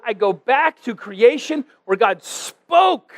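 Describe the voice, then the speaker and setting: Animated high-pitched male pastor preaching. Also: unhurried. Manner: animated, conversational preaching with self-deprecating asides. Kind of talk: sermon.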